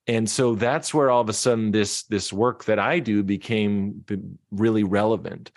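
He's a podcast guest, a singer-songwriter and keynote speaker, reflecting in a conversational interview with frequent restarts and soft fillers. His lowish voice stays fairly even at normal speed. The audio is studio quality with no room sound.

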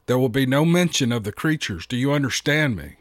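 A man's voice: medium pitch, expressive, brisk, no room sound, clean studio sound, close to an everyday voice. A man voicing a cold, stern male government official in a story, with a clipped, commanding delivery.

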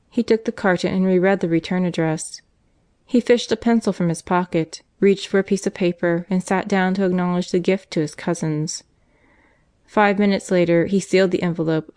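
Low-voiced woman narrating an audiobook. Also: dark tone. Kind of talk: scripted narration.

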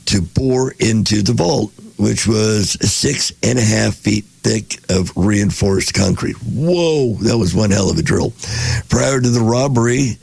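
A man's voice: on the low side, vocal fry, a little mellow, breathy edge, no echo. A man hosting a casual podcast, reading passages aloud and breaking off to joke and react. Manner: reads passages then jokes and reacts.

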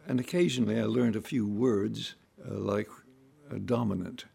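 An older man reminiscing about his childhood in a relaxed, anecdotal storytelling way, now and then acting out voices and sounds. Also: lowish voice, normal speed, gravelly, husky. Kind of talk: unscripted reminiscing monologue.

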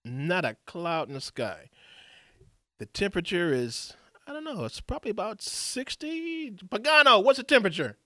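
Chatty high-pitched radio host. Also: male voice, very animated, normal speed, sharp tone, no echo, studio quality. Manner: loose, rambling, laughs and restarts often. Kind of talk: live radio talk show.

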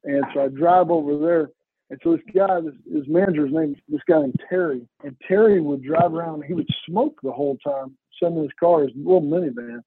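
Guy hosting, gravelly husky voice, sounds like a phone line. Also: on the high side, a little fast, dry recording. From Texas. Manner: storytelling, animated quotes. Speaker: host. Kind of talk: casual interview chat.

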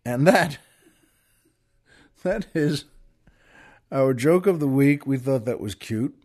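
A man's voice: mid-range voice, animated, takes it slowly, a little mellow. A man hosting a show, rambling with many restarts as he tells a long joke. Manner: rambling, with frequent restarts and stammers. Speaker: podcast host. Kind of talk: casual chat and joke telling.

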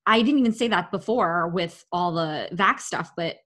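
A woman's voice: lowish voice, moderate pace, fairly bright tone. A woman co-hosting a podcast, chatting bluntly and expressively with laughing asides. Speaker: podcast co-host. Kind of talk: casual chat recapping reality TV.

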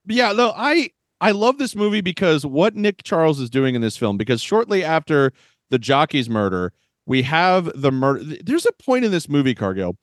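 A man in his thirties co-hosting a podcast, joking about old movies in a wisecracking, animated way and laughing often. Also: on the high side, moderate pace, dry recording, clean studio sound. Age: 30s. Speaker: podcast co-host. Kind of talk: casual movie-review chat.

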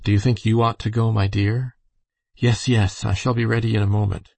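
A man voicing a kind, anxious minister's wife who asks eager, quick questions. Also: on the low side, level tone, creaky, darkish tone, no room sound.

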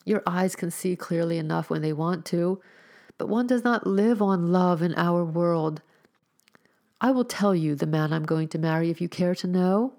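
A woman's voice: lowish voice, a little mellow, close to an everyday voice. Woman reading as a bitter, petulant young girl. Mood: vehement. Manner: quick, vehement speech.

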